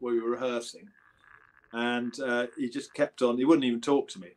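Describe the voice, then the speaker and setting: A man's voice: medium pitch, flat delivery, normal speed, low-quality recording. A man in his seventies with an English accent, a guest musician telling rambling anecdotes and correcting himself as he goes. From England. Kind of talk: casual storytelling interview.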